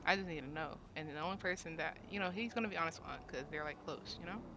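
A woman's voice: low-pitched, fast, noisy background. A woman telling an emotional story in a casual, rambling way, full of fillers and repeated words, and swearing freely. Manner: rambling, many fillers, repeats herself when upset. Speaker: cast member sharing her side.

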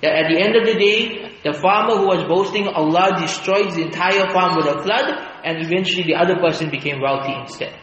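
A man giving a Friday sermon lecture, emphatic and animated, asking rhetorical questions. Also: sits high, brisk, hardly any pauses, muffled recording, a little hiss or hum. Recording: echoey hall, faint ambience.

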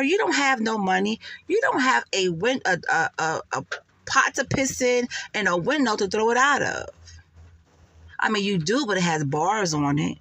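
A woman runs a casual gossip commentary, sassy and full of laughs. Her voice sits fairly high and swoops up and down with lively expression. The sound is dry and close, with no room echo. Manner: sassy, laughing, calls listeners honey and child.

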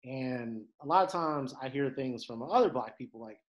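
A young man from Detroit, a podcast guest talking in a casual, animated way. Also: medium pitch, normal speed, few pauses, muffled recording. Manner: animated, swings into loud laughing impressions. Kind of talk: casual conversation.

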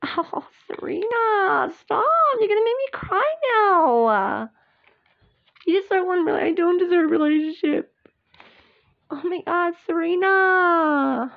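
A woman voicing a gushing, bossy teenage girl in a home-made doll drama, talking dramatically with breathy gasps. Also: extremely high pitch, lively intonation, slow, full character voice. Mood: tearful. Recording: dull lo-fi home recording.

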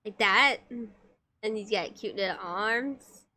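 A woman's voice: medium pitch, takes it slowly, sharp tone. A woman streamer chatting casually with her viewers while she draws, giggly and playful as she teases her chat.

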